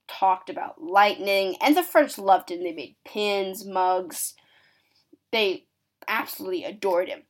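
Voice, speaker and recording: A woman casually explaining history, chatty and acting out quotes with a lot of "like". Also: mid-range voice. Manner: chatty, acts out quotes, uses "like". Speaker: history presenter.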